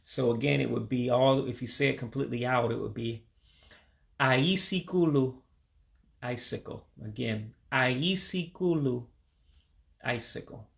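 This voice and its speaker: A man from Michigan, casually walking through a vocabulary lesson and repeating each word slowly, with frequent ums and uhs. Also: mid-range voice, flat delivery, creaky. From Michigan, USA. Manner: repeats words slowly, hesitant with many fillers. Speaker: language learner teaching vocabulary.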